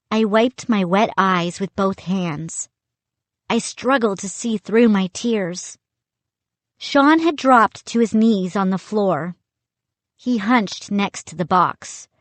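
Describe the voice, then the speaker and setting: A woman reading a children's chapter book aloud, in a slow, measured way. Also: medium pitch, no room sound. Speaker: reader. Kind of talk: audiobook narration.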